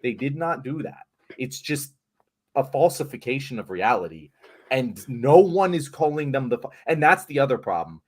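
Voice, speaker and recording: A man's voice: medium pitch, big pitch swings, normal speed. A young man in heated political chat, swearing and ranting with emphatic anger. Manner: angry, swearing, emphatic rants.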